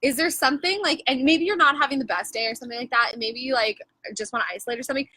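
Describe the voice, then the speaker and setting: A woman's voice: sits high, bright, forceful tone, dry recording. A Canadian woman hosting a casual chat, joking around and laughing often. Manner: giggly, joking, quick to laugh. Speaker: livestream host.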